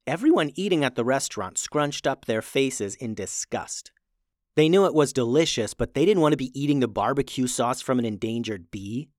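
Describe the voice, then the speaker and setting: A children's podcast host reading a storybook aloud in a lively, upbeat way. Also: mid-range voice, fairly quick, dry recording, clean studio sound. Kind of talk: storybook narration.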